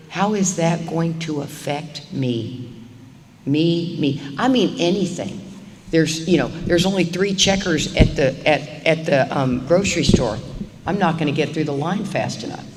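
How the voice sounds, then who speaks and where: A middle-aged woman giving a recovery talk to a live meeting audience, animated and acting out little dialogues as she goes. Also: sits low, moderate pace. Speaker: AA meeting speaker. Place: meeting hall. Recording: reverberant live hall recording, faint hiss.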